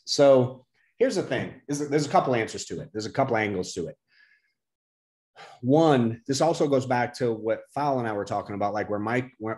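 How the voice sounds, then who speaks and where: Man, podcast host, casual chat, blunt, swears freely. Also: mid-range voice. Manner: candid, profane, animated storytelling.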